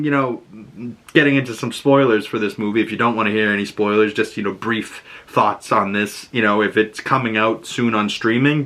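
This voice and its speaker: A man giving a casual, animated movie review, chatty with lots of fillers and swearing. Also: medium pitch.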